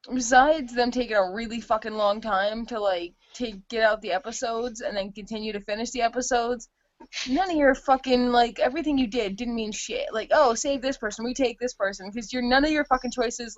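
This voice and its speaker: A woman's voice: a little high, normal speed, no room sound. A woman co-hosting a casual gaming podcast, giggling often, swearing freely and trailing off into restarts. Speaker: podcast co-host. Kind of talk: casual chat. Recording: dull lo-fi home recording.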